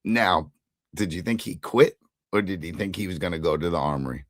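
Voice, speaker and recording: A man co-hosting a casual TV recap chat, retelling scenes with animated quoted lines. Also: deep voice, fairly quick, no echo. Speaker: podcast co-host.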